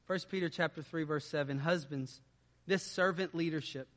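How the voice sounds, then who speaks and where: A man preaching a sermon in a conversational way, dropping to quiet asides and rising to loud emphatic stretches. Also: a little high, normal speed, big-room sound. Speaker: pastor.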